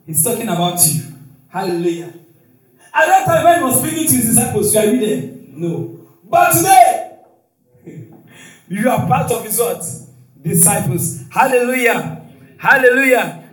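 A male preacher delivering a sermon in call-and-response style, with shouted exclamations and frequent hallelujahs. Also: high-pitched, sing-song, normal speed, pauses often. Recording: echoey hall, distant mic, faint music.

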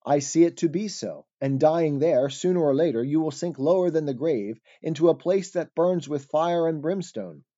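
Brief: a troubled, earnest pilgrim pleading in archaic words, mellow and dull-sounding, voiced by a male narrator. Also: fairly high pitch, normal speed, hardly any pauses, natural voice. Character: troubled pilgrim man fleeing his city, earnest.

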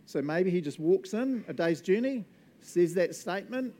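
A man's voice: on the high side, moderate pace. Laid-back New man preaching. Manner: animated, laughing, acts out voices. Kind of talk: casual sermon.

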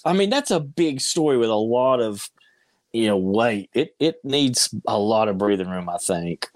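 A man's voice: lowish voice, lively intonation, normal speed. An American man co-hosting a casual podcast chat, laid-back, hedging often and swearing casually. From United States. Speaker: podcast co-host.

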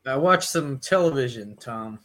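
A man's voice: medium pitch, expressive, moderate pace, fairly bright tone, slight background noise. A man co-hosting a podcast, chatting in an easygoing way about what he watched. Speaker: podcast co-host. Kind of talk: casual chat.

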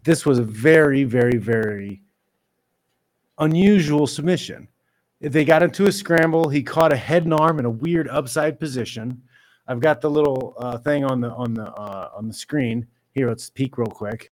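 A man giving ranting commentary on a fight, exasperated and mocking, mimicking critics in a high whiny voice. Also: normal speed, darkish tone. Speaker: MMA commentator.

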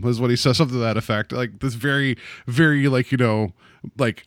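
A man's voice: mid-range voice, fairly quick, dry recording, clean studio sound. A man chatting casually about an episode, rambling with lots of "like" and "um". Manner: rambling, heavy use of "like" and "um". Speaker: podcast co-host. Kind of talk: casual chat.

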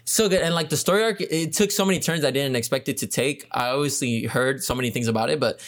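A man's voice: mid-range voice, fast talker. Laid-back man, casual podcast chat. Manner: laid-back, lots of fillers, says bro and dude. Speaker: podcast co-host.

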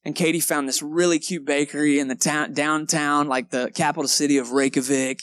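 Male pastor, young, slight Texan accent, lively self-deprecating storyteller, a touch high-pitched, dry sound. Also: brisk, no echo. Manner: animated storyteller, acts out moments, laughs at himself. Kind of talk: sermon with personal story. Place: church sanctuary.

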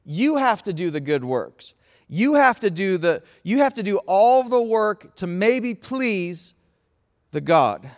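A man preaching a sermon, passionate, moving from hushed tones to shouting. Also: high voice, sing-song, takes it slowly. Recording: long reverb in a large hall.

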